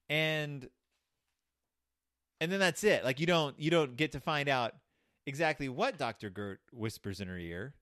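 A man's voice: medium pitch, expressive, a little slow, long pauses, a bit bright, dry recording, clean studio sound. A man hosting a show, giving comedic commentary on a children's book, rambling with many restarts. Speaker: podcast host reviewing a children's book.

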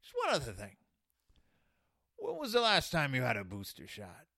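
A man hosting his own show, recapping a children's book with playful, animated retellings of its scenes. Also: medium pitch, moderate pace, vocal fry, no echo, clean studio sound. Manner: animated, playful, acts out quotes. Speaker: podcast host.

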